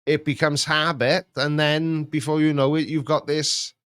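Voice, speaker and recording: A man's voice: on the high side, little pitch movement, unhurried, a bit bright, clean tone, dry recording, studio quality. A middle-aged man with a Welsh accent, rambling through a casual chat and dropping in plenty of yeahs as he hosts. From Wales. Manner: chatty, rambling, lots of yeahs. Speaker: channel host.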